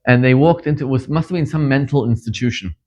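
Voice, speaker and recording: A middle-aged man from Zimbabwe, a rabbi giving a sermon and telling stories, his voice climbing sharply whenever he stresses a point. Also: fast talker. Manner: animated storyteller, pitch leaping up for emphasis. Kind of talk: sermon with storytelling. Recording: dull lo-fi recording.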